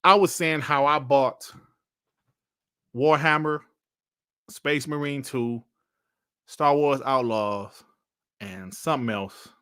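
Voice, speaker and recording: A man's voice: mid-range voice, slow pace, long pauses, sharp tone, clean tone, no room sound, clean studio sound. A man giving casual, mocking commentary as a streamer, laughing often and swearing while he reads out and answers comments.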